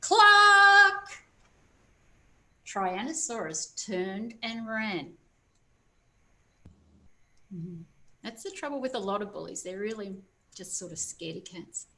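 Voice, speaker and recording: A woman reading a picture book at children's story time as a library storyteller, animated and adding playful asides to her young listeners. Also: medium pitch, unhurried, pauses often, slight background noise.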